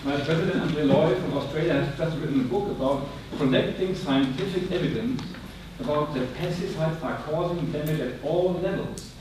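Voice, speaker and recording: A man's voice: on the high side, normal speed, few pauses. A man in the audience at a panel discussion, urging and impassioned as he presses his point. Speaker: audience member, organic agriculture advocate. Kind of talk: public panel discussion comment. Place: large lecture hall. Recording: echoey hall, distant mic, audience noise.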